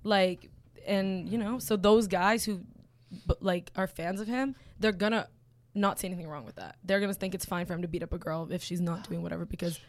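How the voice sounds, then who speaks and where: A young woman talking as a podcast guest in casual chat, animated and peppered with "like" and swearing. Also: on the low side, brisk.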